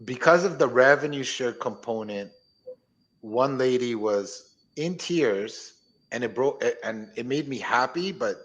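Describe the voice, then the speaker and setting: Guy hosting a chat, rambly and animated, lots of restarts. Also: mid-range voice, measured pace, lo-fi sound. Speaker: host. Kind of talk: casual group chat.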